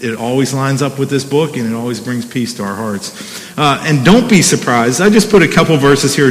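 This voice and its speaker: A middle-aged man preaches to his congregation in a casual, conversational way, often restarting his phrases and urging the room on. His voice sits a little high for a man, and it rings out through a big hall with a long reverb tail. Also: a bit bright. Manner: conversational, with frequent restarts and "come on" asides. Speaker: pastor. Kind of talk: sermon.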